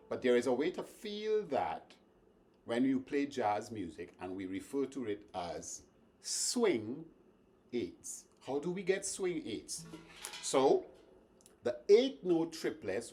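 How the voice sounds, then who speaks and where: A man teaching a beginners' music lesson, patiently counting beats aloud and chanting syllables to explain rhythm. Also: medium pitch. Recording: loud music playing behind the voice. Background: loud instrumental music.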